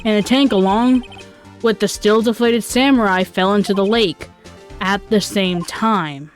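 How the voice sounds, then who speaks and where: A woman voicing an earnest young male lawyer in a slightly lowered, steady reading voice. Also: a little slow, soft background music, lightly acted.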